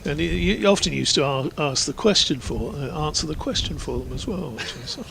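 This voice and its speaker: A man's voice: a little high, expressive, a little fast, gravelly, a bit bright, a little hiss or hum. A man giving live ball-by-ball cricket commentary in a chatty, rambling way, drifting into anecdotes between deliveries.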